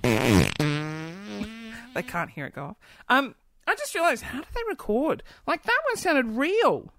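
A woman's voice: a little high, sing-song, slow pace, a bit bright, no echo, clean studio sound. A woman hosting a casual stream, chatty and playful, giggling and gasping as she reads out comments. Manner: giggly, chatty, playful, with gasps and little asides. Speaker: livestream host. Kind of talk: casual chat, reading viewer comments.

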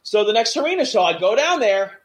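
High-pitched and brisk, a middle-aged former wrestler chats casually about what went on backstage. He's animated, putting on the voices of the people he quotes.

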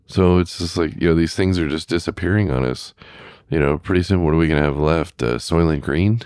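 With a clear, resonant bass voice and a darkish tone, this podcast host chats a little fast and rambles through fillers and restarts. The recording is dry and studio-clean.

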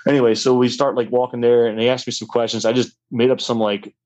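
A man's voice: medium pitch, flat delivery, fast, a little mellow, muffled recording. A young man telling a wild story in a casual, rambling way, full of fillers.

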